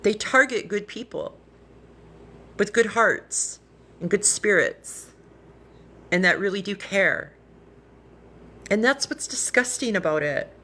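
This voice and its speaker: A woman's voice: medium pitch, expressive, slow pace, long pauses, pushed and bright. A woman speaking earnestly and emotionally on a live stream from her phone, rambling with restarts and close to tears. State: tearful, emotional. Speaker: livestreamer.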